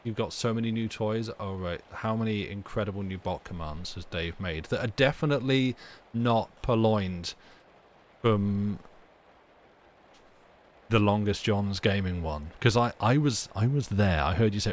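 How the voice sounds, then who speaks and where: A man's voice: on the low side, a little slow, long pauses. A man hosting a live stream, chatting casually and teasing viewers in a dry, rambling way. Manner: dry, teasing banter with frequent restarts. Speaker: livestream host reading stories.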